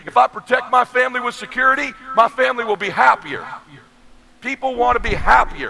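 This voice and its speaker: A man in his forties giving an intense, preachy motivational stage speech that bursts into shouting. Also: extremely high pitch, fairly quick, creaky, rough recording. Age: 40s. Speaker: motivational speaker.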